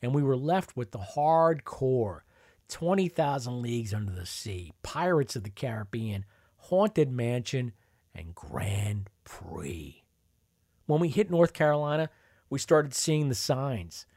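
A man's voice: medium pitch, lively intonation, measured pace, darkish tone, no echo, clean studio sound. Wry man reading his memoir. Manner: wry, conversational storytelling. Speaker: narrator.

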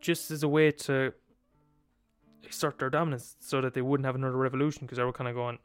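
A man's voice: medium pitch, level tone, quick pace, clean tone, soft background music. A young man retelling a story in a casual, profane way, acting out quotes as he goes. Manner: profane, swears freely, acts out quotes.

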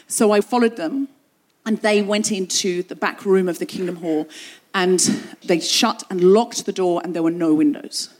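A woman's voice: fairly low pitch, normal speed, a little mellow. A woman hosting a live show, telling a comic personal story with self-mocking asides. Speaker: podcast host. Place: open-air theatre stage.

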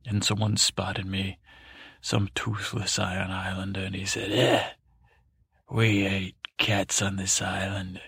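Guy doing a salty old cat telling a sleepy tale, hushed and rambly, gravelly and husky, dry close sound. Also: sits low, flat delivery, slow pace, no echo, heavily acted. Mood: hushed, soothing. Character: worldly old tomcat storyteller, soothing, salty. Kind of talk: bedtime story to help sleep.

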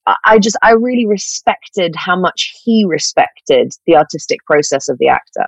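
A woman, an actress talking in an animated, chatty way with fillers and self-corrections in an interview. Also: fairly low pitch, moderate pace, vocal fry, slightly rough, no echo. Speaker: actress guest. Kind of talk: casual interview chat.

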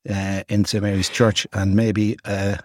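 An older Irish man in a casual podcast chat, telling animated travel stories with bursts of laughter. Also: on the low side, a little slow, no echo, clean studio sound. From Ireland. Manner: animated, laughing storyteller with broad enthusiasm. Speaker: podcast guest recounting travels.

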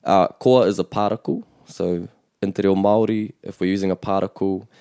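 A man hosting a bilingual language lesson, explaining in a measured way with small restarts. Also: deep voice, fairly even intonation, warm tone, no room sound, studio quality. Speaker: te reo Māori teacher and podcast host.

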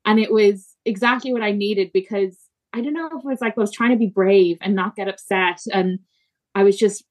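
Female guest, mid-pitch, halting emotional storytelling, lots of "like". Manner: emotional, halting, frequent fillers. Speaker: podcast guest. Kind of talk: personal storytelling in conversation.

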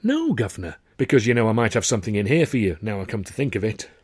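A man's voice: fairly low pitch, big pitch swings, fast, darkish tone, slightly rough, studio quality. A man voicing an anxious, eager young male music-hall performer who stammers and pleads with his boss. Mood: pleading.

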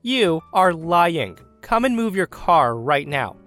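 A man voicing an entitled, bossy middle-aged woman in a storytelling video, speaking slowly and loudly. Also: on the low side, very animated, faint music behind, voice pushed up, full character voice. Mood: indignant. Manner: demanding, slow and loud.

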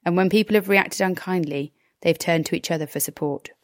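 A woman presenter reading scripted narration in a clear, even way. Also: on the low side, a little fast, no room sound, studio quality.

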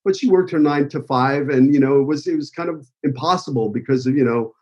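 New york guy, husky voice, heartfelt rambling speech, kinda muffled lo-fi sound. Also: a little high, fast, a little mellow. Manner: emotional, rambling, many fillers. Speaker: acting school owner giving a tribute speech.

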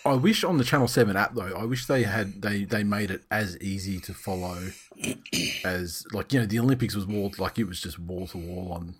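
A man's voice: deep voice, normal speed, husky. A man hosting a casual sports podcast, rambling, swearing and laughing often. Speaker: podcast host.

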